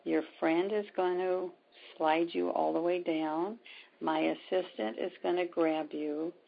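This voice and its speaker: Woman storyteller, low-pitched gravelly husky voice, lo-fi recording. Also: steady tone, unhurried. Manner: retells events with quoted dialogue, many ums. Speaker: spiritual healer guest. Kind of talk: storytelling in a conversation. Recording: dull lo-fi sound.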